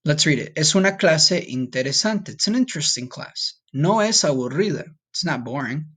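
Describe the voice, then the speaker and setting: A man's voice: on the high side, lively intonation, normal speed, a bit bright, husky. Patient man teaching a vocabulary lesson. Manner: patient, checks in with "okay?" often; breaks words down and has students repeat. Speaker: Spanish teacher.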